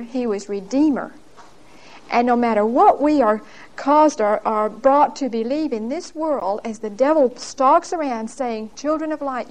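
A woman teaching a Bible study in a church, emphatic and animated, laughing at herself as she tells stories. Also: on the high side.

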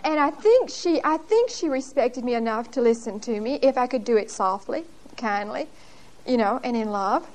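High-voiced emphatic woman teaching Bible study. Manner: emphatic and animated, laughs at herself while telling stories. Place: church.

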